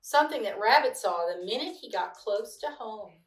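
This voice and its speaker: A middle-aged woman reading children's stories aloud with gentle expression, sometimes chatting warmly to a child beside her. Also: mid-range voice, expressive, moderate pace. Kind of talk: children's story read-aloud. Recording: echoey room, mic at a distance.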